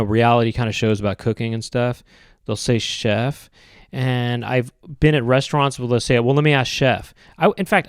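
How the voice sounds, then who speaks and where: Man, podcast host, smooth resonant voice, dry close sound, rambling wry monologue. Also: mid-range voice, no echo. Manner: meandering, hesitant, wry complaining.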